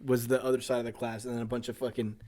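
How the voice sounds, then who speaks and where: A young man guesting on a podcast, recalling school days in casual chat with relaxed, dry asides. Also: medium pitch, rapid-fire.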